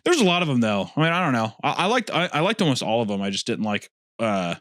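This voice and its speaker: Lively young man ranting about cartoons. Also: mid-range voice, quick pace, no room sound, studio quality. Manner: lively, swearing, trails off and restarts. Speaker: podcast co-host. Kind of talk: casual crude podcast chat.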